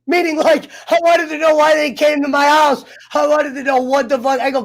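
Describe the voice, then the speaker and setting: A man's voice: extremely high pitch, normal speed, vocal fry. A man telling a personal story in casual chat, heated and profane, getting fired up as he talks. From United States. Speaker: round table guest.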